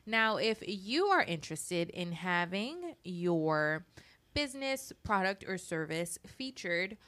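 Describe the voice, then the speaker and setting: A woman co-host reads the sponsor segment in a polished announcer voice. She speaks slowly, and her tone is bright and forward. Her pitch sits a touch low. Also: very animated. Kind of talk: talk-show hosting and sponsor read.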